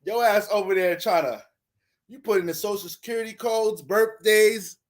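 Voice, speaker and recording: A young man casually talking through an astrology livestream, profane and animated, laughing often. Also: high-pitched, normal speed.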